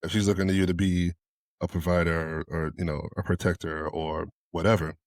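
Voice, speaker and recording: A man co-hosting a podcast in candid casual chat, telling animated stories, acting out both sides of conversations and swearing freely. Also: sits low, brisk, no room sound. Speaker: podcast co-host.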